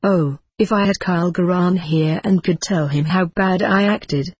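Husky, dry first-person story narrator. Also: medium pitch, unhurried, no room sound, rough recording. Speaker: audiobook narrator.

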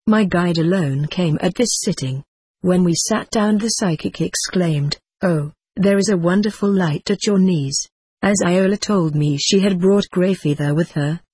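Woman narrator, steady audiobook reading, breathy tone, dry close sound. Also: lowish voice, no echo.

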